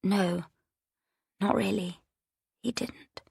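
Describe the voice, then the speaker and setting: A woman's voice: fairly high pitch, takes it slowly, breathy edge, voice pushed up, full character voice. A woman reading an audiobook, voicing a frightened teenage girl who half whispers through tears. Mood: hushed.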